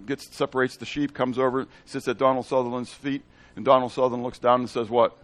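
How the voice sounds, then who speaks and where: A man's voice: mid-range voice, little pitch movement, fast, no echo. A man giving a Bible teaching in a conversational way, checking in with the audience and asking them questions. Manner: asks the audience questions and repeats phrases.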